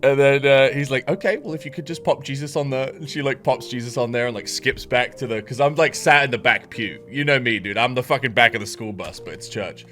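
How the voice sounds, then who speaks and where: A man's voice: mid-range voice, brisk, few pauses, fairly bright tone, faint music behind. Swearing man telling a story. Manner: swearing, rambling, laughs often. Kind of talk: casual anecdote.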